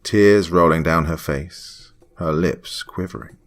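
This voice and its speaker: A man reading a first-person horror story in a hushed voice that drops to whispers. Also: low-pitched, steady tone, slow pace. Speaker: horror podcast narrator. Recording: faint music under the voice.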